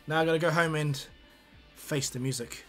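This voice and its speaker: A man's voice: on the high side, steady tone, normal speed, a bit bright, faint music behind, close to an everyday voice. A man voicing a cocky teenage boy ninja who is blunt and bossy, in a casual spoken fan story. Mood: teasing.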